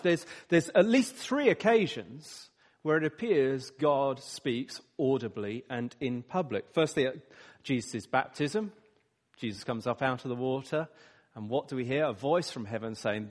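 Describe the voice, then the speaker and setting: A man preaching a sermon, swinging from emphatic rises to quiet, lower asides. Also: in a large hall. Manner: animated, emphatic rises and drops.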